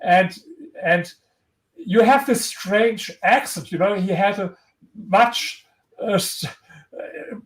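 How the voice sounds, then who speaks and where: A man with a strong German accent speaks in a fairly high voice as a guest in a conversational interview. He sounds earnest and motivational, and he often stops and restarts his sentences as he goes. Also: takes it slowly, pauses often, low-quality recording.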